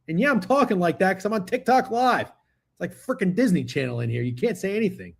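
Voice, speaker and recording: A man's voice: high voice, very animated, brisk, vocal fry, husky. A man hosting a sports betting livestream, talking casually and profanely, speaking straight to his chat. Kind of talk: casual live-stream chat.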